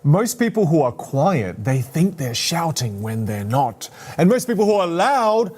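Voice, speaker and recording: A man's voice: fairly high pitch, sing-song, a little slow, a little mellow. A man hosting and narrating a show with scripted, direct explanations. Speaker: show host.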